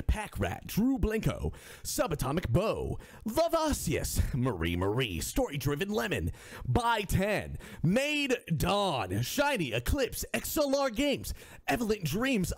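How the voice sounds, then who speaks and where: A male streamer in casual chat, animated, swearing freely and often restarting his sentences. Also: fairly high pitch.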